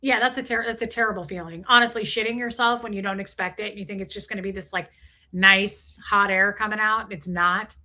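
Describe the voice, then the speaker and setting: Bright-voiced woman in her forties. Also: mid-range voice, brisk. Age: 40s. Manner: crude, joking, animated, reads chat aloud. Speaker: livestream host reading chat. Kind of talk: casual live-stream chat.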